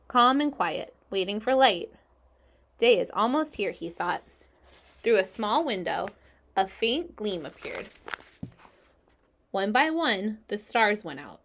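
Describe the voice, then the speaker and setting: A woman narrating a children's storybook in a gentle, expressive way. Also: mid-range voice. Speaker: reader.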